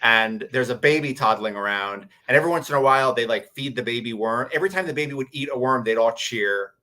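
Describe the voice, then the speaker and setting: Bright chatty guy game master telling a table story, lots of restarts. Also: mid-range voice, quick pace. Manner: animated storytelling with many restarts. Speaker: game master, convention panelist. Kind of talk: casual panel chat.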